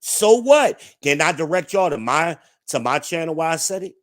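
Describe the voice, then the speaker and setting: A man's voice: a little high, brisk, sharp tone. Blunt, profane man ranting live. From New Jersey. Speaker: livestream host. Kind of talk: ranting live-chat commentary.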